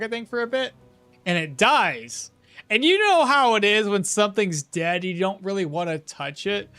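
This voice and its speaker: A man's voice: high-pitched, fairly bright tone, no room sound. A man streaming a game live, chatting casually, rambling into asides and chuckling often. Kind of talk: casual live-stream chat while playing.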